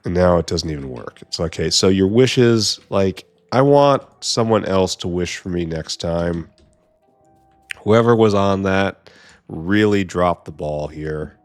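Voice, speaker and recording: A man's voice: deep voice, expressive, measured pace, soft background music. A man giving casual gameplay commentary, muttering to himself with wry asides as he works. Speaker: gameplay streamer.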